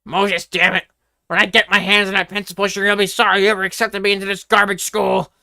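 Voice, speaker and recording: A brutish, hot-headed high school delinquent, as a man reading a story puts him on, all loud angry outbursts. The voice sits higher than a plain speaking voice and has a bright, forceful edge. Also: expressive, quick pace, creaky, no room sound, exaggerated voice. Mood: raging.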